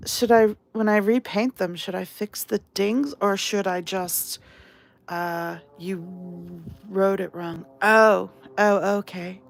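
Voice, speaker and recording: A woman from outside England hosts a casual live stream while painting, chatting away, poking fun at herself and reading the chat aloud. Her voice is mid-range and creaky.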